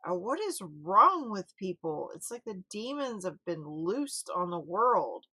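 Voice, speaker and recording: A woman's voice: medium pitch, big pitch swings, a little slow, bright, forceful tone, breathy edge. A middle-aged woman hosting a casual news commentary, rambling with many fillers and restarts and breaking into exasperated, incredulous asides. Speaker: host.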